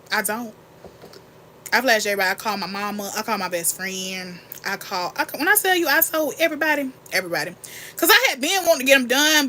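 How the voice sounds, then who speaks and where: Bright, candid young woman livestreaming. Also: fairly high pitch. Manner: candid, rambling and animated, reads and answers chat. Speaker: livestream host. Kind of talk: casual get-ready-with-me livestream chat.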